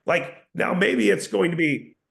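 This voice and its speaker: A man gives a sales training lesson, coaching his listeners with repeated points and spoken examples of tone. His voice sits a little high for a man and has a gravelly rasp. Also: measured pace, fairly bright tone. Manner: coaching, repetitive, demonstrates tones.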